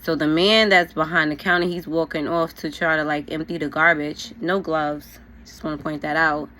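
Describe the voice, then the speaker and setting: A woman's voice: sits low, level tone, normal speed, sharp tone. A young woman, telling a storytime vlog while getting ready, casual and frank, full of "like" and "you know". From New York. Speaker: vlogger.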